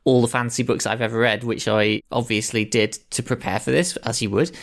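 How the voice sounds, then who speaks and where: A man with a gravelly, creaky voice, chatting casually as a podcast guest. He rambles and corrects himself, speaking at an even middle pitch. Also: fairly quick. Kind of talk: casual chat.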